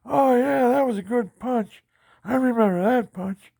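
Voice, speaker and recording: A man telling his life story in a personal testimony, animated and boastful, laughing often. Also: extremely high pitch, a little slow, vocal fry, no room sound, studio quality.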